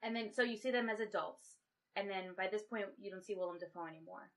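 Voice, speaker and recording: Talking fast in a mid-range, slightly bright voice, a woman co-hosting a casual podcast retells a film's plot. Her recap rambles, and she acts out what the characters say.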